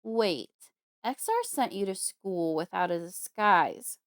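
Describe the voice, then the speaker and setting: A calm, wise uncle who speaks softly and steadily, read by a woman. His manner is soothing and protective, with measured phrasing. The recording is dry and close-miked. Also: fairly low pitch, dry recording, close to an everyday voice.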